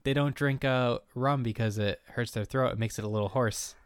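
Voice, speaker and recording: A man's voice: medium pitch, moderate pace, smooth, dry recording. Dry-sounding man, joking recap host. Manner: joking, laid-back storyteller. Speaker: podcast co-host recapping a TV episode. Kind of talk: casual comedic recap chat.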